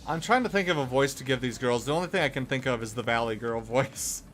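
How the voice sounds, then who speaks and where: A man's voice: medium pitch, quick pace, a bit bright, soft background music. A man streaming a video game, chatting casually, joking and greeting viewers. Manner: joking, laughing often, greeting chat.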